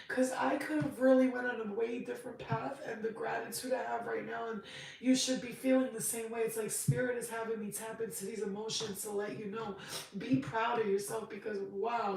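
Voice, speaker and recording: A woman's voice: fairly high pitch, steady tone, normal speed, vocal fry, a little mellow. Woman, spiritual reading vlog, emphatic, emotional, noisy background, distant mic. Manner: emotional, emphatic, swears freely. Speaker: tarot card reader. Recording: very echoey room, mic far off, noisy.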